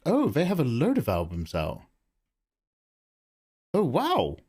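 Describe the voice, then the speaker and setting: A man's voice: medium pitch, wildly swooping pitch, normal speed, dark tone, husky. A man chatting casually on a live stream while he draws, thinking aloud and greeting viewers by name. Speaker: livestreaming artist.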